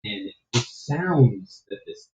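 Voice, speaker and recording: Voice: medium pitch, expressive, slow, recorded from a distance, background noise. A podcast host chatting casually about a film, rambling and swearing as they retell scenes. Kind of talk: casual movie chat. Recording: dull roomy podcast audio.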